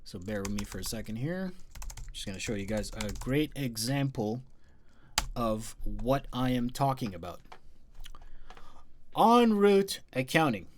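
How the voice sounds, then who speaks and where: A man hosting a live marketing session, talking emphatically and repeating his key points with big swings in loudness. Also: medium pitch, very animated, a little slow, pauses often, a little hiss or hum. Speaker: host.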